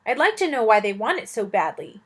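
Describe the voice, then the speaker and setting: An earnest, slightly annoyed young hero from a storybook, speaking in a raised, eager voice. A woman reads his lines aloud. His pitch rises and falls a great deal. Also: big pitch swings, a little fast, fairly bright tone, husky, full character voice.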